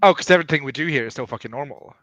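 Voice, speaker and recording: A man co-hosting a casual podcast over a video call, drawling through tarot pulls with deadpan sarcasm. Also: medium pitch, very fast, no room sound, muffled recording. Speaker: podcast co-host.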